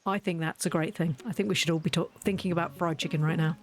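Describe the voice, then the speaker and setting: A woman's voice: fairly low pitch, steady tone, quick pace. A young woman chatting casually as she plays a game, ranting and laughing often. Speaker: gaming video creator. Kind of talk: casual gameplay commentary.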